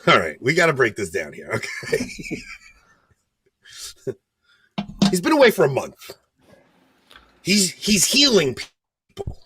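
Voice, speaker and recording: Host, male, bright husky voice, lively pitch, playful mock-outrage rant. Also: slow pace, pauses often, a little hiss or hum. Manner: animated, laughing, mock-outraged. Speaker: podcast host. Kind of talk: casual ranting commentary.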